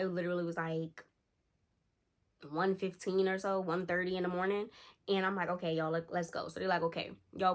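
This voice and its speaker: A young woman vlogger telling a spooky storytime to her viewers in a casual, slangy, animated way. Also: fairly low pitch. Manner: animated, slangy, addresses listeners as y'all.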